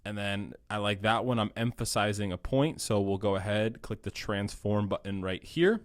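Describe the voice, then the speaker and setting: Here a young man explains video editing over a screen recording, talking casually and practically with frequent fillers as the course instructor. His fairly low voice moves at normal speed, captured on a close mic with no room sound.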